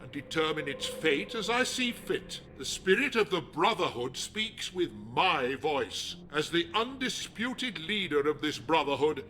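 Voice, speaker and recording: A man voicing a megalomaniac male leader of a druid order in a video game, talking in a slow, menacing, pompous way. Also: a little high, big pitch swings, bright, forceful tone, a little hiss or hum, full character voice. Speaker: game villain.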